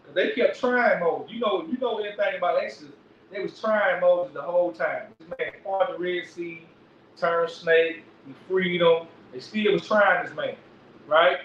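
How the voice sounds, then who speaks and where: A man's voice: sits high, normal speed, a bit bright. A man teaching the Bible in an emphatic preaching style, often asking "right?" to his listeners. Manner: emphatic, repeats lines, asks "right?" often. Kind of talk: street-preaching bible lesson. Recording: echoey, distant, dull lo-fi recording with faint noise.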